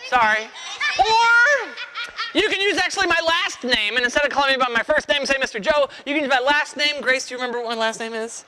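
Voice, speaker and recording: A man's voice: very high-pitched, quick pace, background noise. A man performing as a children's magician, playfully joking with and rousing a live audience of kids. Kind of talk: live kids' magic show patter.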